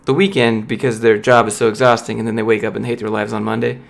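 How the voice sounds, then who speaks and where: A man's voice: fairly low pitch, fairly even intonation, fast talker, creaky. A young man on a casual livestream, reading and answering viewer chat in a blunt, motivational way. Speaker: streamer, software developer.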